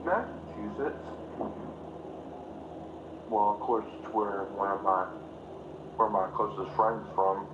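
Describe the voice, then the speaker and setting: A deep-voiced man chatting on a stream, hesitant and halting as he gathers his thoughts. His low voice rings in an echoey room, with a slightly dull, muffled sound. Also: background noise. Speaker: guest co-host. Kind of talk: casual chat.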